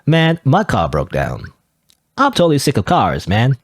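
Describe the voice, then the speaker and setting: A man's voice: medium pitch, sing-song, brisk, darkish tone. A man voicing a boastful banker in a cowboy costume, drawling in a folksy way.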